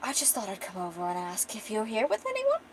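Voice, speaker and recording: A woman's voice: mid-range voice, wildly swooping pitch, fast, slight background noise. A woman doing a posh, flirtatious bard. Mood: flirty. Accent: put-on posh English. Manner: flirty, gushing.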